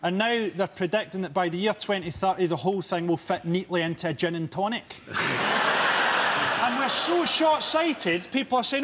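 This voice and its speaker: High-voiced man on a comedy panel. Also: animated, moderate pace, very noisy. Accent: Scottish. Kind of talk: stand-up style panel banter. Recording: TV studio with loud audience laughter.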